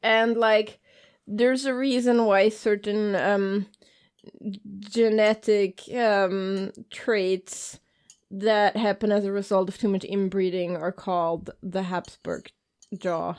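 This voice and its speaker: A woman's voice: medium pitch, steady tone, slow, a little mellow, clear, resonant tone. A woman from Austria, co-hosting a casual movie commentary, chatty and sardonic, full of "like" fillers. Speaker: podcast co-host.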